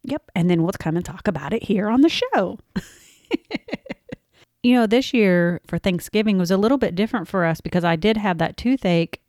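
A woman's voice: mid-range voice, animated, moderate pace, darkish tone, dry recording, studio quality. A woman from Oklahoma with a Southern US accent, co-hosting a podcast in casual chat, candid and plainspoken. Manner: candid, plainspoken, laughs easily. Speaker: podcast co-host.

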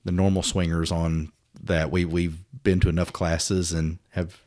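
A middle-aged man, co-hosting a casual chat and telling stories quickly and frankly. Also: low voice. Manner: quick, animated storytelling with frank language. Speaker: podcast co-host.

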